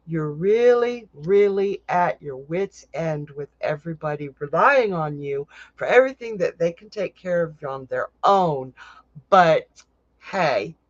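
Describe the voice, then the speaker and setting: A man's voice: a little high, animated, a little slow, dry recording, muffled recording. A man hosting a live stream as a psychic, giving casual tarot readings to viewers in a chatty way and laughing often.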